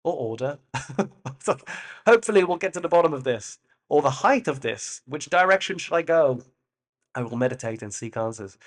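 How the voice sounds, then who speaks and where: A man's voice: fairly high pitch, lively intonation, moderate pace. Musing man in a playful solo podcast. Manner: musing and playful, with loose asides and mild swearing. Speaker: podcast host. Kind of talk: reflective solo monologue.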